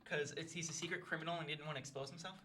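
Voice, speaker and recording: A man's voice: fairly high pitch, steady tone, very fast, noisy background. A teenage man co-hosting a student podcast, bantering casually in a joking way and giggling often. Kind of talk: casual chat.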